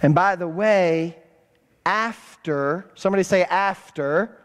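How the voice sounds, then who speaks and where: His voice is high, clear and resonant, and he takes his time. As pastor he delivers a sermon in the church sanctuary, urging the congregation to answer back and repeating words for emphasis, all echoing with church hall reverb.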